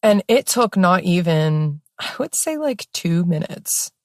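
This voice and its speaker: Woman, low-pitched, dry close recording, casual personal storytelling, expressive, filler-heavy. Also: unhurried, no room sound. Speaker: podcast host.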